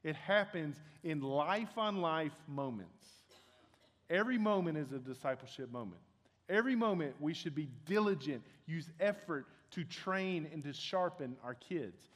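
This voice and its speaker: A man's voice: on the high side, animated, measured pace. A young man preaching a sermon as pastor, earnest and conversational, often restarting his sentences. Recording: long hall reverb.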